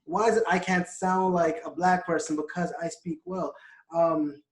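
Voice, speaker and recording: Guy from the west indies, high voice, argues his point hard, roomy echo. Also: steady tone, moderate pace. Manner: indignant, argumentative. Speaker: podcast co-host. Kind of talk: casual podcast discussion.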